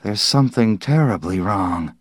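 A man doing an excitable, nervous astronaut. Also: lowish voice, moderate pace, no room sound, clean studio sound. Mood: shaky. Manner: excitable, then shaky.

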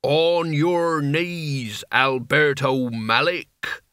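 A man's voice: fairly high pitch, steady tone, drawn-out words, bright, forceful tone, smooth, dry recording, clean studio sound, heavily acted. A man voicing an earnest, intense young man in an audiobook. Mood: menacing. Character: young man, anxious turning menacing. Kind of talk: audiobook character voice.

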